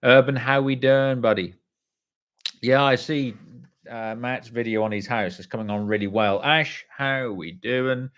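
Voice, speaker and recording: A man's voice: medium pitch, steady tone, a little slow, a bit bright, clean tone. A man hosting a casual livestream, greeting viewers by name, swearing offhandedly, and sounding tired. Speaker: livestream host reading viewer comments. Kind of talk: casual live chat.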